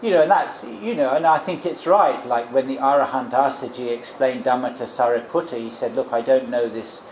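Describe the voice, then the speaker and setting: A man's voice: mid-range voice, brisk, a little hiss or hum. Musing male monk with echoey crickets. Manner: gentle, musing, frequent restarts and asides. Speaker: Buddhist monk teacher. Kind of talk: informal dharma talk and guided meditation. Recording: echoey room with loud crickets. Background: crickets and insects.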